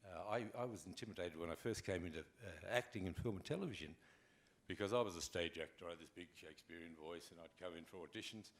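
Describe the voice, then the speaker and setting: This fast-talking older Australian actor has a voice that sits low. Guesting on a convention panel, he acts out wry stories in an animated, relaxed way.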